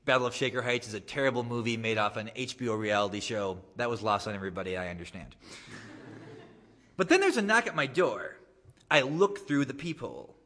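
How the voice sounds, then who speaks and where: An author reads his own essay aloud at a gallery, with wry, deadpan humor and lively swings in pitch. His voice is bright and a little higher than most men's. A long reverb trails each line. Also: fairly quick. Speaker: guest author giving a reading. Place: art gallery, live reading.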